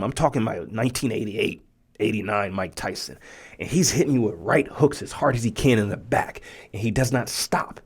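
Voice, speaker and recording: Animated storytelling man. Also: mid-range voice. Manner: animated storyteller acting out quotes. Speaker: podcast host. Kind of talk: storytelling monologue.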